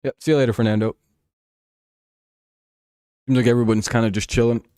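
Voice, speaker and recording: Over a football broadcast, a young man runs a laid-back livestream full of jokes, swearing and frequent laughter. He speaks briskly at a medium pitch with little pitch movement and a warm tone, recorded cleanly in a studio with no echo.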